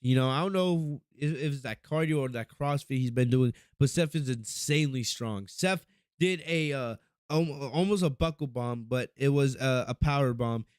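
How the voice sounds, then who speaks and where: A man hosting a casual review podcast, talking in an excitable, profane, rambling way with frequent restarts. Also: medium pitch, moderate pace, clean tone, no echo, studio quality. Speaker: podcast host.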